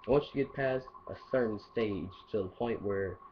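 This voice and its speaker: A man's voice: fairly low pitch, moderate pace. A man giving casual dating advice in a rambling, playful monologue full of asides. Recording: dull lo-fi audio with faint hiss.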